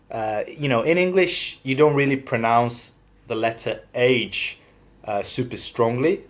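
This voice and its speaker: Slow, playful man explaining. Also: mid-range voice. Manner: playful, self-deprecating, hesitant with many fillers. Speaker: video maker. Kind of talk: casual explainer vlog.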